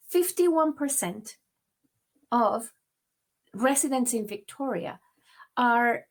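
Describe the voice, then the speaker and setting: Woman, kinda high voice, talks slow and thoughtful, short phrases, guest sharing her story. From Venezuela. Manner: reflective, speaks in short measured phrases. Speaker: guest, founder of a migrant women's network. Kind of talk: personal storytelling interview.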